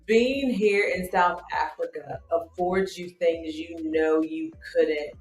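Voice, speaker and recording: A woman's voice: lowish voice, slow, darkish tone, echoey room, soft background music. A woman co-hosting a casual travel live stream, making her points in persuasive repeated lists. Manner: persuasive, listing points with repetition. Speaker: travel show co-host.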